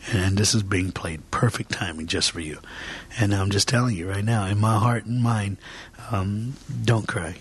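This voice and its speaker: A man as a guest preacher in an interview, talking fervently with many fillers and repeats, sometimes dropping to a soft near-whisper. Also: lowish voice, steady tone, normal speed, husky. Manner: filler-heavy, repeats words.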